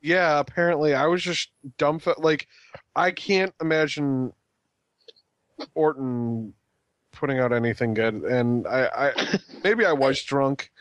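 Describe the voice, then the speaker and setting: A man's voice: medium pitch, slow, fairly bright tone, no echo. Rambling male podcast co-host, dry sound. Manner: rambling with frequent ums and restarts. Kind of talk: casual wrestling chat.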